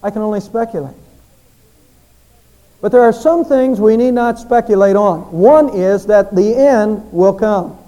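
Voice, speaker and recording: A man preaching a sermon, explaining and repeating phrases for emphasis and slowly drawing out the key lines. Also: high-pitched, dark tone, low-quality recording.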